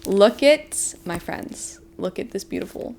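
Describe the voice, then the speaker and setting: A woman's voice: medium pitch, measured pace, gravelly, slight background noise. Gushing young woman book vlogger. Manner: gushing, excitable, talks to viewers as friends. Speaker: book vlogger and book club host. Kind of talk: casual chat to camera.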